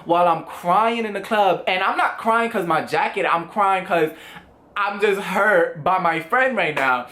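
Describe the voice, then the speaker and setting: Young male vlogger, storytelling straight to camera, animated, voices the quotes with big jumps. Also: sits high, measured pace. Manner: animated, swings into loud re-enactments of quotes.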